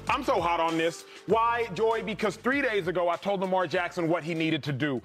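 High-voiced energetic sports show host man. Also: moderate pace, hardly any pauses, soft background music. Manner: energetic, hyperbolic, sing-song delivery. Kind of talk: sports debate show hosting.

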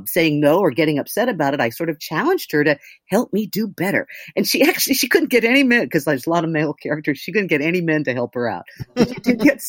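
An audiobook narrator in easy interview chat, chatty and quick to act out the people she quotes. The pitch swings all over in lively jumps, and the recording is dry and close with no room sound. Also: dry recording. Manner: chatty, animated storyteller who acts out quotes. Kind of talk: casual interview talk.

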